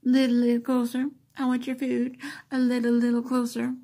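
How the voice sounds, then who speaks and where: A woman's voice: a little high, completely flat delivery, moderate pace, dark tone, pitched above the performer's own voice. A woman doing a sneaky old begging cat. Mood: wheedling. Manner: coaxing, creeping.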